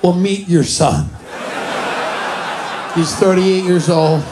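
A man's voice: sits high, takes it slowly, a crowd in the background, background noise. A man doing a stand-up set on a comedy club stage, delivering dry, exasperated punchlines.

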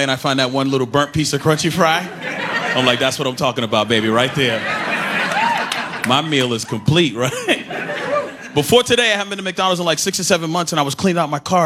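A high-pitched man works through a stand-up set, telling his stories in an animated way and acting out the lines he quotes. It is a live club recording with clear background noise behind him. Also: quick pace, crowd noise. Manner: animated storytelling with acted-out quotes. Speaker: stand-up comedian.

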